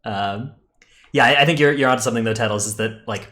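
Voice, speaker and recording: A man's voice: medium pitch, fast, bright, forceful tone. A man co-hosting a live-streamed gaming podcast in casual chat, talking easily with many fillers and restarts. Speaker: podcast co-host.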